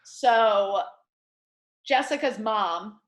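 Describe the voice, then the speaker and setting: Animated woman telling a wild story. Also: mid-range voice, drawn-out words. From Michigan, Detroit area. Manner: animated storyteller, acts out quotes loudly. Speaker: comedian guest. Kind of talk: casual podcast storytelling.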